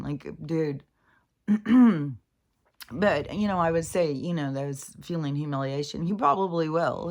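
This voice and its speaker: A low-pitched woman talks to camera in a loose, wandering vlog monologue. She swears freely and rambles from thought to thought, getting lively when she retells what she saw. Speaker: spiritual vlogger.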